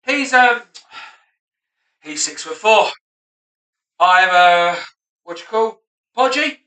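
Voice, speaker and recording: A man in his thirties rehearses stand-up alone at home, swearing freely and mocking himself between jokes. His voice sits high and sounds bright and edgy. The camera picks him up from across a room that rings a little. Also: animated, slow pace. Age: 30s. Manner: self-mocking, sweary, muttering asides between punchlines. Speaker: stand-up comedian. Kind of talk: rehearsing a stand-up set aloud. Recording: roomy and distant.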